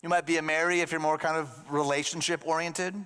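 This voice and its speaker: A man's voice: a little high, level tone, brisk, fairly bright tone, clear, resonant tone, long reverb tail. A man preaching a sermon as a pastor, conversational with joking asides.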